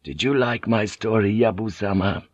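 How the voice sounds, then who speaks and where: A man reading an audiobook, voicing an old male monk who speaks softly and musingly. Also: lowish voice, normal speed, no room sound, highs cut off, natural voice. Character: old male monk, serene, quietly menacing.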